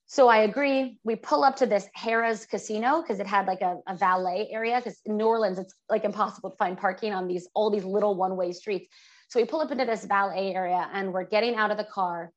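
A woman's voice: mid-range voice, fairly even intonation, fairly quick, lo-fi sound. A woman guest on an interview podcast, vividly retelling a personal story with lots of fillers.

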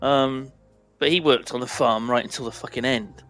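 A man's voice: medium pitch, steady tone, normal speed, a bit bright, faint music behind. A young man chatting casually on a podcast, rambling and self-mocking. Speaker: podcast co-host. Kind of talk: casual chat.

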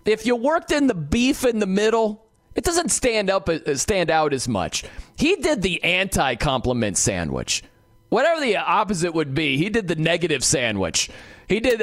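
A man guest-hosting a sports talk radio show, giving an opinionated monologue and mimicking people in quick asides. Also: high voice, sing-song, no echo, studio quality.

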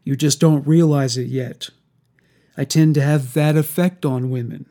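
A soft-spoken male killer, coldly calm and mocking, as a man reads him aloud. He talks slowly and unhurriedly. His voice sits slightly high. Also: natural voice.

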